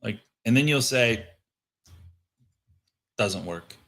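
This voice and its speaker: A man hosting a live show, coaching listeners on sales outreach and telling lively stories of his phone calls. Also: mid-range voice, takes it slowly, vocal fry. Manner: animated storyteller acting out phone calls. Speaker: host. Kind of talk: casual coaching talk. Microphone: headset microphone.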